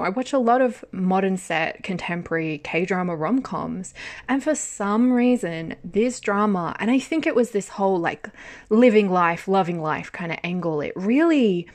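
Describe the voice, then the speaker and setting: A woman talking from her home study in an excitable, chatty podcast style. She gushes, laughs often and throws in casual swearing. Her voice sits at an ordinary middle pitch for a woman. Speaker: podcast host.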